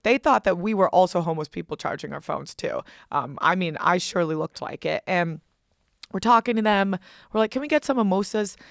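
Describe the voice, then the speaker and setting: A woman's voice: lowish voice, fairly quick, vocal fry, dry recording, studio quality. A young woman hosting a podcast, casually telling a rowdy weekend story, swearing freely and laughing as she goes. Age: young adult. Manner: chatty, profane, laughing storyteller. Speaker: podcast host.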